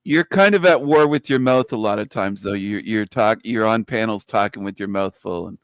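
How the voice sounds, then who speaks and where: A man's voice: on the low side, normal speed, clean tone, no echo. A man joining a livestream panel as a guest, teasing and laughing in casual chat.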